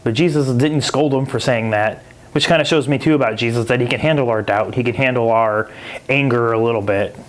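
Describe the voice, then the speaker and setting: A man at a middle pitch gives a relaxed Bible lesson on his podcast. He talks loosely with plenty of "like" and "kinda," and he jumps high when he acts out the voices in the stories. The telling is animated and chatty. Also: a little fast. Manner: animated storytelling, acting out quoted voices in a jumpy high pitch; loose and conversational, with many 'like' and 'kinda'. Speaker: podcast host. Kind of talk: casual Bible teaching.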